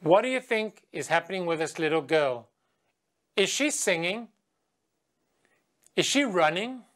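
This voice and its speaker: A woman English teacher giving a slow, clear video lesson to children, asking quiz questions and leading a chant. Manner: patient, asks quiz questions and chants with the class; sings a chant in a higher, lively voice.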